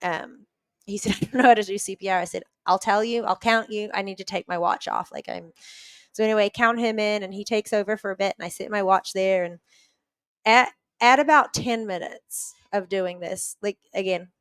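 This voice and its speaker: A woman from New Zealand, a podcast guest, earnestly retelling a personal story with quick restarts. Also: mid-range voice, a bit bright, clear, resonant tone, dry recording.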